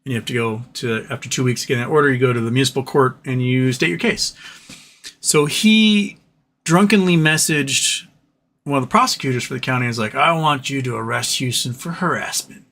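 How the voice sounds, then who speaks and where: Male livestream host, loose rambling storyteller who swears freely; mid-pitched everyday voice. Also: brisk, a bit bright. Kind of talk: casual live-stream commentary.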